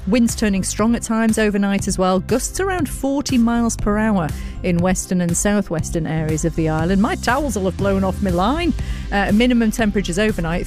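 A woman co-hosting a radio show, with a middle pitch and an easy, giggly way of talking. She chats with her co-host and reads the weather over faint music. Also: a little mellow. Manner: giggly, easygoing. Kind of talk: casual radio chat and weather read. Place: radio studio. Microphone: studio microphone.

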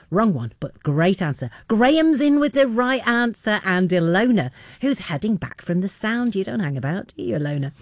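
A middle-aged woman presenting a radio quiz, chatting warmly with listeners and laughing often as she reads their messages in the studio. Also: medium pitch, no echo. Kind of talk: radio phone-in quiz chat. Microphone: studio microphone.

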